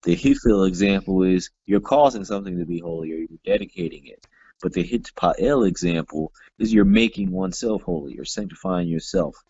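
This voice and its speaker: Male teacher, low dark gravelly voice, explanatory classroom delivery full of fillers, dull lo-fi classroom recording. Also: sing-song, a little fast, no room sound. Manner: explanatory, frequent fillers and self-corrections. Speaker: Hebrew teacher. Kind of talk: classroom grammar lesson.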